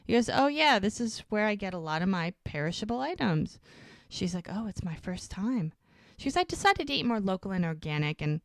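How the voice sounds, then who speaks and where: A woman's voice: medium pitch, big pitch swings, fairly quick, dry recording, studio quality. A woman co-hosting a podcast, casually recapping an episode and acting out the characters' lines. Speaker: podcast co-host.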